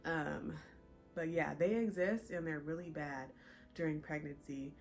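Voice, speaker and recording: A young woman vlogger chatting casually to her viewers, a bit out of breath and animated. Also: low voice, measured pace, soft background music. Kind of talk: casual chat to camera.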